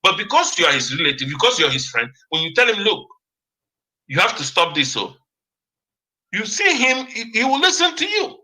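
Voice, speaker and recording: A man's voice: high-pitched, sing-song, normal speed, bright, forceful tone, poor audio. A man giving impassioned political commentary on a radio broadcast, repeating key words for emphasis.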